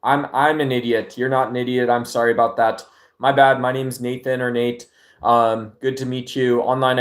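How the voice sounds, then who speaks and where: A man from Arizona hosting a casual livestream chat, laid-back and rambling, with many fillers and restarts, talking into his phone at home. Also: medium pitch. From Arizona, United States. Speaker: livestream host.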